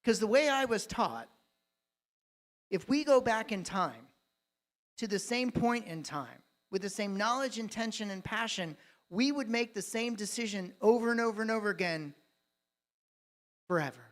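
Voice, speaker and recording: A man giving a keynote talk on a live conference stage, telling a story with dramatic swings between loud and hushed delivery. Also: high-pitched, animated, moderate pace, pauses often. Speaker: dentist and coach, keynote speaker.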